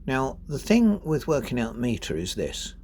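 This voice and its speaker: A man giving a spoken lesson on poetry, reading verse aloud and stressing syllables deliberately to show rhythm. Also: mid-range voice, wildly swooping pitch, a little mellow, slight background noise. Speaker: poetry teacher.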